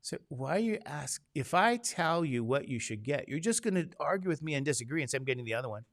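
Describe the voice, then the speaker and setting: A man's voice: a little high, animated, quick pace, no echo, clean studio sound. A man, a statistics instructor chatting casually and jokingly with his class before a lesson. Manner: chatty, joking storyteller, acts out quoted voices.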